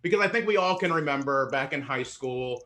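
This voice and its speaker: A man from Indiana doing a stand-up set on an online show, out of breath and self-deprecating, halting over fillers and laughing into his punchlines. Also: mid-range voice, expressive, bright, forceful tone. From Indiana, USA. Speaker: stand-up comedian.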